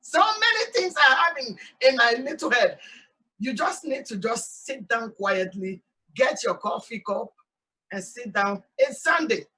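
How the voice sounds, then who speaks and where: Sierra leonean lady host, bright kinda high voice, emphatic, a bit far from the mic. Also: measured pace. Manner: animated, emphatic, repeats "no, no, no". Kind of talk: casual talk show monologue. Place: outdoors in hot sun.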